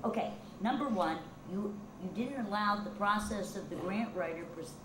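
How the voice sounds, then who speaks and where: A woman's voice: mid-range voice, normal speed. A woman board member at a public town meeting, insistently pressing her motion. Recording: distant echoey noisy meeting room recording.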